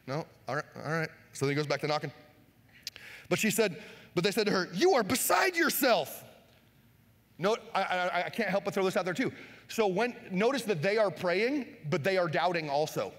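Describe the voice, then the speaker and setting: A pastor preaching a sermon, animated, acting out Bible scenes and shouting for emphasis. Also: male voice, high-pitched, fairly quick. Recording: long hall reverb.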